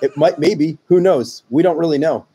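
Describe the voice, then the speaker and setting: A man's voice: on the high side, moderate pace, dark tone, husky. A man hosting a podcast, reading listener posts aloud in a laid-back way. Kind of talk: casual podcast banter.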